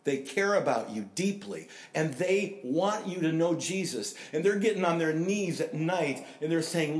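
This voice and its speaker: An older American man preaching a sermon with emphasis, repeating key phrases and swinging between loud and hushed delivery. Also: on the high side, expressive, a little slow, few pauses. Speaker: pastor. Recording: echoey room.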